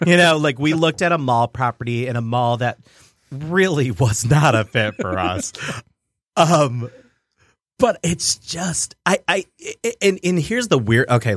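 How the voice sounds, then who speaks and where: Chatty man telling lively stories. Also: mid-range voice, dry recording, clean studio sound. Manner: animated storyteller, acts out voices, laughs often. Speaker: restaurant owner. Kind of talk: casual radio chat.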